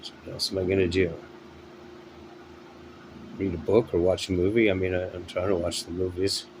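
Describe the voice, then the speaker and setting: A weary man with a lowish voice talks his morning thoughts aloud at home, short of breath and halting between phrases. A fan hums faintly behind him. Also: level tone, noisy background. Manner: weary, halting, with many pauses and fillers. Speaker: vlogger. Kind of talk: rambling morning monologue. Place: at home indoors. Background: electric fan running.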